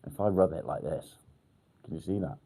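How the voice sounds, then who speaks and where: Man, low voice, mellow tone, halting, lots of ums, casual swearing, live chat. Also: husky. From England, near Warrington. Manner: halting, pauses to think with many ums. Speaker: livestream host.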